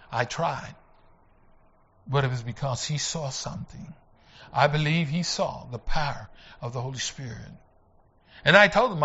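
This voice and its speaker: A man preaching a sermon full of storytelling, animated, rising to shouts and slowing for emphasis. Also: on the high side, vocal fry, breathy edge. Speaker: missionary preacher. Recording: dull lo-fi recording.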